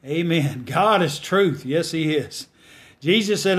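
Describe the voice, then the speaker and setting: A preacher with a notably high voice delivers a folksy sermon. He repeats his phrases, asks the congregation if they hear him, and builds to fervent, ringing declarations. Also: animated, takes it slowly.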